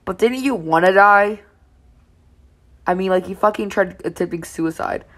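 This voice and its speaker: A woman's voice: mid-range voice, normal speed. A young woman reading fan fiction aloud with blunt, swear-heavy running commentary. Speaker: reaction channel host.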